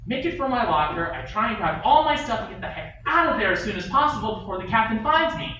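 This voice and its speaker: A man's voice: high-pitched, big pitch swings, fast talker, sharp tone, slight background noise. A man doing a stand-up comedy set in a bar, telling a story with chatty asides to the audience. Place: bar and grill stage. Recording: echoey bar room, distant mic.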